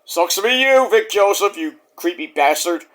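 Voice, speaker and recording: Animated, profane man recapping wrestling. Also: high-pitched, normal speed. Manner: excitable, profane, rambling. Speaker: wrestling show reviewer. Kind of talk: casual recap vlog.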